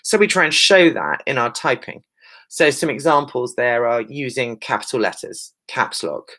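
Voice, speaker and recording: Brisk, bright-voiced woman teacher. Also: extremely low pitch, expressive. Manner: brisk, emphatic, checks in with "right?" and "okay?"; playful, teasing asides to pupils. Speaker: secondary school English teacher. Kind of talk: recorded revision lesson.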